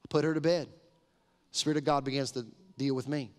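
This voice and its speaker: A man's voice: mid-range voice, fairly even intonation, brisk. A middle-aged man, a pastor, preaching a conversational, emphatic sermon with storytelling in a large church sanctuary. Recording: reverberant sanctuary sound.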